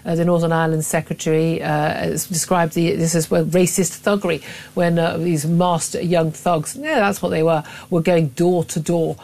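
Forceful talk radio hostess, gravelly. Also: female voice, low voice, steady tone, normal speed. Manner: forceful, emphatic, with frequent restarts. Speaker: radio talk show host. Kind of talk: opinionated talk radio monologue.

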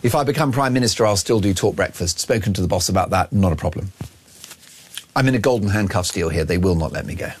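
Man, radio host, brash, mocking, boastful banter, animated pitch, opinion monologue. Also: fast talker, a little hiss or hum. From Ireland.

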